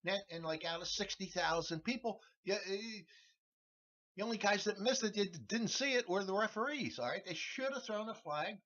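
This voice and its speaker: A man hosting a comedy show, delivering a rambling deadpan monologue full of restarts and "all right"s. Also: sits high, normal speed. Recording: dull lo-fi recording.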